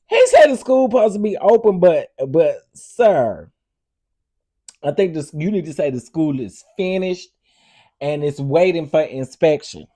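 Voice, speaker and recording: Lively laughing male commentator. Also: fairly high pitch. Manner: laughs often, talks straight to viewers. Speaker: host. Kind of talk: casual commentary.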